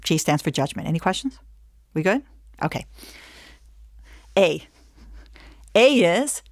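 Animated woman teaching, dry close sound. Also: fairly low pitch, dry recording. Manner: animated storyteller acting out scenes. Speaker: Jewish educator and lecturer. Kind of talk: lively teaching talk.

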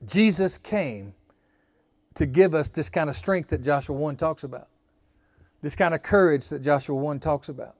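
A man's voice: fairly high pitch, darkish tone, no room sound. A man preaching a sermon as pastor, building emphasis and leading the congregation in call-and-response.

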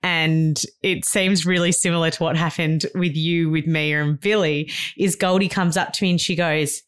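Chatty woman, low voice. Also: steady tone, moderate pace, clear, resonant tone. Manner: chatty, laughs often, acts out quoted voices. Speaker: podcast co-host. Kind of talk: casual chat.

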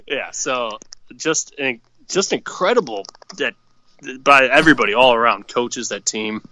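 A man's voice: medium pitch, lively intonation, measured pace, bright, forceful tone, a little hiss or hum, poor audio. A man co-hosting a casual hockey podcast, swearing freely and ranting with strong opinions. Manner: profane, fired-up hockey opinions. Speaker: podcast co-host. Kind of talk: casual sports chat.

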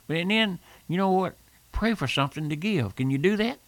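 A man's voice: on the high side, big pitch swings, a little fast, gravelly, dry recording. An older man preaching a fervent radio sermon, repeating phrases and calling the listener "my friend".

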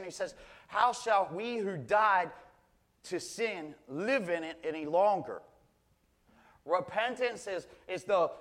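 An earnest man delivering a sermon in a voice pitched a little above the usual. He often doubles back on his words as he restarts phrases. When he wants a point to land, he slows right down and leans on each word. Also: fairly bright tone. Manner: earnest, slows down hard to stress key words. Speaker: preacher.

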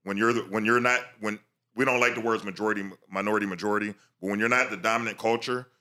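A man co-hosting a casual panel discussion, explaining ideas as he thinks them through out loud. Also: fairly low pitch, steady tone, fast talker. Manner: explanatory, thinks aloud with fillers and restarts. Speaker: podcast co-host.

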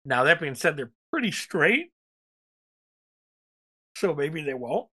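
A man's voice: a little high, very animated, slow, pushed and bright, breathy edge. A man co-hosting a casual podcast chat, rambling enthusiastically with lots of fillers. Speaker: podcast co-host.

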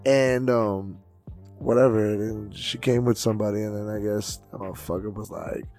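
Podcast co-host, male, gravelly and profane, hypes up his stories with acted-out voices and faint music underneath. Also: lowish voice, fairly even intonation, moderate pace. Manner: loud, profane, acts out voices with big swings. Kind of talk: casual podcast storytelling.

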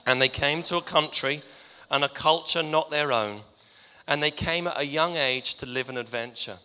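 A middle-aged man, a pastor giving a teasing, conversational farewell tribute in a church. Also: medium pitch. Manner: warm-hearted, teasing, conversational preaching. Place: church hall, indoors. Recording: long reverb in a church hall.

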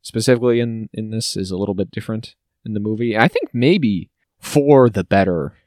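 A man co-hosting a podcast in casual chat, animated and rambling, with frequent swearing. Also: lowish voice, fairly quick, dry recording, studio quality. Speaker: podcast co-host.

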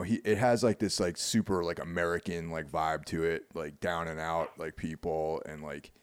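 A man's voice: low-pitched, clean tone, dry recording. A man co-hosting a podcast in casual chat, rambling with many "like"s and "you know"s. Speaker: podcast co-host.

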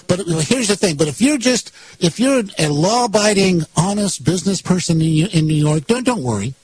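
A man's voice: high-pitched, lively intonation, moderate pace, breathy edge, poor audio. A man hosting a talk radio show, giving sarcastic political commentary and mocking his opponents with bursts of laughter.

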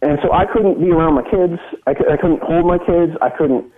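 A middle-aged man with a husky, breathy voice tells a personal story, earnest and full of little restarts. His voice comes through narrow and tinny, like it is carried over a phone line. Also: on the high side, fairly quick. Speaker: guest. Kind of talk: personal testimony in a conversation.

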